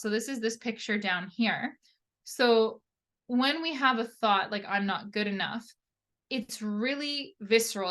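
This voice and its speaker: A woman occupational therapist teaching in an easygoing, conversational way. Her voice sits at an ordinary middle pitch, and she often checks in with a quick tag question. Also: fairly bright tone. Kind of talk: presenting a lesson.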